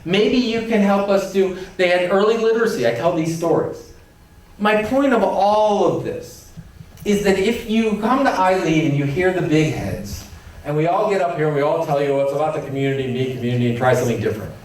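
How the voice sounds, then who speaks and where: High-voiced man speaking in an echoey hall. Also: moderate pace. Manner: emphatic, playful, acts out quoted voices. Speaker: conference keynote speaker. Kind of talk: animated conference talk. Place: large conference hall. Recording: echoey hall, distant mic.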